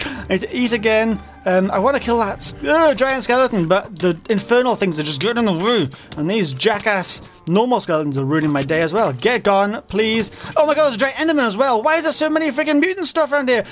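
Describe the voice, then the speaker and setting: High-voiced jumpy man yelling at monsters. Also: animated, fairly quick, soft background music. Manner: jumpy, swings from mumbling to panicked yelling; frequent fillers and self-corrections. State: voice getting hoarse. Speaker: gaming channel host. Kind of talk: Minecraft modpack let's play commentary.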